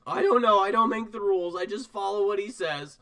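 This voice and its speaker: A man's voice: fairly quick, a crowd in the background. A man doing a panting, nervous young messenger. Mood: anxious. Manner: breathless, anxious, raised pitch.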